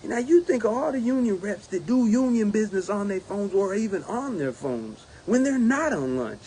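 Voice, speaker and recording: A man who is a union steward, giving a casual spoken report, animated and laughing often, mimicking others in a raised voice. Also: sits high, normal speed, a little hiss or hum.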